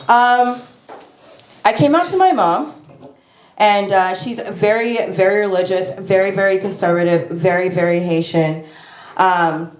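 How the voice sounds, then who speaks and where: A woman's voice: medium pitch, takes it slowly, pauses often. Woman comic, lapel mic, chatty with lots of likes, reverberant room. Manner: rambling, self-deprecating, lots of fillers and likes. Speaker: stand-up comedian. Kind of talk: stand-up comedy set.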